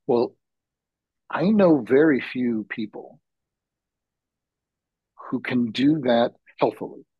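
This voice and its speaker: Husky-voiced man, earnest and reflective. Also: medium pitch, lively intonation, no echo, dull audio. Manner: reflective, heartfelt, slow-building. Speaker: podcast guest, men's retreat facilitator. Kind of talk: earnest personal storytelling.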